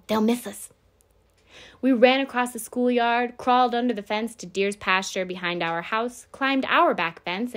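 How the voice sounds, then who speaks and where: A woman teacher reading a novel aloud to her class, steady and clear. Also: on the high side.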